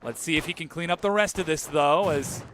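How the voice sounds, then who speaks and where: A man giving excitable play-by-play esports commentary, building to hyped calls on big plays. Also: on the high side, fairly quick, slight background noise. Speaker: esports caster.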